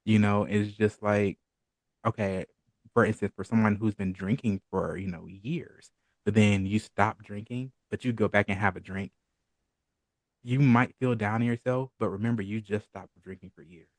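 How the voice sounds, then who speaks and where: A man with a lowish voice speaks as a podcast guest in a calm, encouraging, coaching way. The recording is dry and close, with no room echo. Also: normal speed. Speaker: podcast guest, holistic and spiritual entrepreneur. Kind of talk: casual podcast interview.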